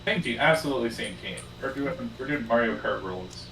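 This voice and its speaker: A man's voice: medium pitch, lively intonation, a little fast, fairly bright tone. Wry man, distant and roomy. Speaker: player. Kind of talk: casual tabletop chat. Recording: roomy, distant mic with noise.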